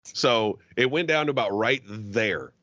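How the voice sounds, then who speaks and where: A man's voice: mid-range voice, unhurried, no echo. A man telling a long, profane story on a podcast and acting out the quotes, a podcast guest chatting casually. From Arab heritage. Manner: profane, animated storyteller who acts out quotes. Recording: dull, dry lo-fi podcast audio.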